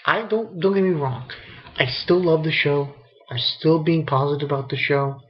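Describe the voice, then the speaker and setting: A man giving a casual, halting spoken review of a comic chapter, often restarting his sentences. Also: fairly high pitch, lo-fi sound. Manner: rambling, halting commentary with restarts. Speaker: manga reviewer.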